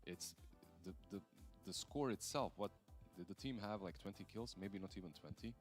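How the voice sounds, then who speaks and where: A man's voice: lowish voice, normal speed, faint music behind. A man on an esports panel commenting on the scoreline. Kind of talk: analytical commentary.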